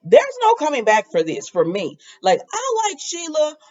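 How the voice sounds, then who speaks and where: A woman hosting a casual soap opera recap, chatty and animated, with laughing asides. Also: high voice, moderate pace, highs cut off.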